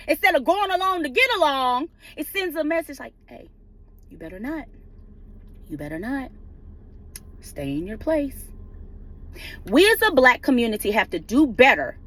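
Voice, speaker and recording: A woman's voice: extremely high pitch, a bit bright, dry recording. A woman ranting passionately in her car, swearing freely and firing off rhetorical questions. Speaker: vlogger ranting on legal news. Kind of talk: impassioned rant.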